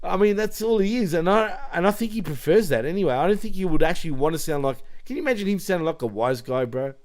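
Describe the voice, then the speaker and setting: Male podcast co-host, slightly high voice, laid-back banter. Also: lively intonation, fast talker, a little mellow. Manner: laid-back, laughs often, says bro and dude. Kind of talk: casual wrestling chat.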